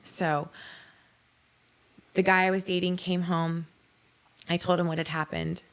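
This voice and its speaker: A woman's voice: lowish voice, little pitch movement, measured pace, clear, resonant tone. A woman in her forties, a podcast guest, frankly telling her life story in a blunt, candid way. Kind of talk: candid personal testimony.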